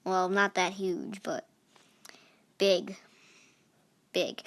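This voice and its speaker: A young woman chats through her gameplay, her voice bright and clear. She talks at an unhurried pace, breaking into playful exclamations as she reacts to the game. It is casual, chatty commentary from a gaming channel host. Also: medium pitch, big pitch swings.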